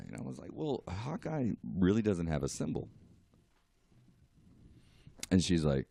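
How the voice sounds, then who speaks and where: Low-voiced man telling a lively story. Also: normal speed, vocal fry, pauses often, no echo. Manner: animated, laughing, acts out quotes. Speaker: artist guest. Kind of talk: casual storytelling.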